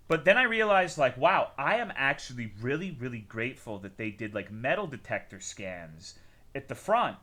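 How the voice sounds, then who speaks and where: A male streamer chats casually with his viewers, swearing freely and breaking into sudden loud bursts as he tells a story. His voice is bright and forward, sitting at a middle pitch for a man. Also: very animated, normal speed.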